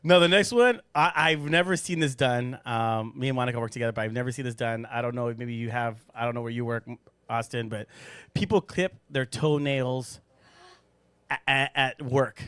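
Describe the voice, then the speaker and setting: A man hosting a casual podcast chat in a studio, animated and joking, laughing often. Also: mid-range voice, moderate pace, smooth, dry recording. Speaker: podcast host.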